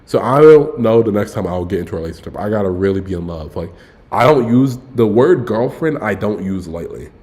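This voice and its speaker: A man's voice: on the low side, expressive, fairly quick, darkish tone. Slangy young man rambling on stream. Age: young adult. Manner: loose, slangy, says "bro" constantly; rambling, self-interrupting. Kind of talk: casual storytelling livestream.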